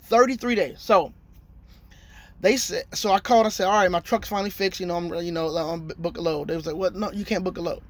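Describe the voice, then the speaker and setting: A man's voice: sits high, steady tone, brisk. A man in his thirties, a truck driver telling a story in a casual, slangy vlog and acting out his phone calls.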